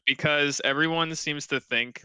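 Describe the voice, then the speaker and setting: Bright-toned, smooth male co-host, emphatic and profane, close dry mic, casual gaming banter. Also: fairly high pitch, fairly even intonation, moderate pace, no room sound, low-quality recording. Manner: emphatic, swears often, argumentative. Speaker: podcast co-host.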